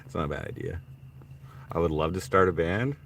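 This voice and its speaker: A man's voice: deep voice, a little fast, vocal fry, a bit bright, slight background noise. A man streaming casually from a tent, mumbling, swearing and talking to himself as he reads out chat. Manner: mumbling, swearing, talks to himself while searching.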